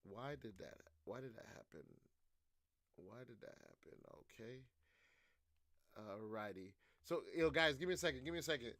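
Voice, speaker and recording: A young man streaming, riffing loudly and casually in slang while reacting to clips. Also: medium pitch, normal speed, gravelly, no room sound. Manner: loud, slangy, animated riffing.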